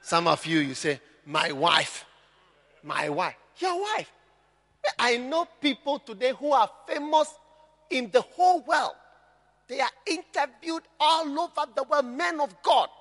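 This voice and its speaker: A man preaching with a very high, bright voice that leaps up and down as he drives his points home. He is a pastor in full sermon, impassioned and often breaking into shouts, at times mimicking his listeners. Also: very animated, unhurried, long reverb tail.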